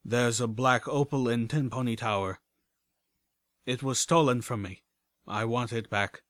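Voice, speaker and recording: Guarded flying robot, measured and mechanical, dry read, by a man. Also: mid-range voice, fairly even intonation, fairly bright tone, dry recording, lightly acted. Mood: cagey. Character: secretive robot messenger, cagey and guarded.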